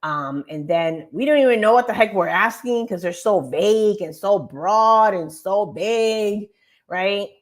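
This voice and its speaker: A woman hosting a morning show, giving an emphatic, animated motivational talk over slides and speaking straight to her audience. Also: medium pitch, unhurried. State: tired.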